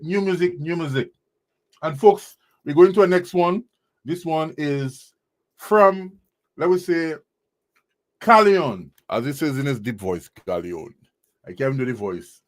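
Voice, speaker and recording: A man hosting a live music show from a studio, hyping the artists and laughing often. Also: a little high. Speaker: show host.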